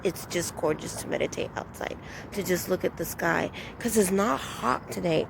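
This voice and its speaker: A woman's voice: on the low side, moderate pace, creaky, noisy background. A woman rambling through a casual vlog outdoors, telling her story in a chatty way with lots of fillers. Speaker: vlogger.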